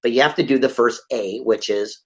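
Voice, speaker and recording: A man who is a podcast guest, telling anecdotes in a lively conversational way and acting out the dialogue. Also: medium pitch, a little fast. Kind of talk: conversational storytelling.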